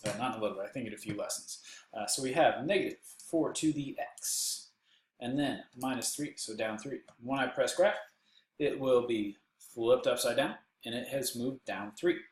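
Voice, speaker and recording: A man's voice: medium pitch, normal speed, reverberant, low-quality recording. Joking man with a Texan accent teaching math. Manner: joking asides, playful silly voices. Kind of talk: recorded math lesson. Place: indoors, seated.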